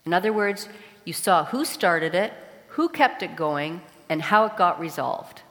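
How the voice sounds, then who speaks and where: A woman with a voice a bit low for a woman preaches in church, animated yet a little slow, telling a joke first and then turning warmly to the congregation. Long reverb follows every phrase through the hall.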